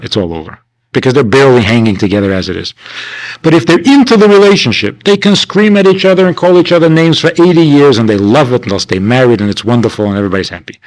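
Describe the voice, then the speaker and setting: Rabbi giving a lively class. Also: male voice, low-quality recording. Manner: acts out questioners in sudden high voices; conversational, rhetorical questions. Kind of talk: animated classroom lecture. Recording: archival 1990s class recording.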